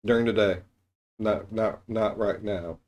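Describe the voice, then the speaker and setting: A man's voice: on the low side, fairly even intonation, a little slow, a little mellow. Profane, blunt man reacting casually. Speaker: reaction video host.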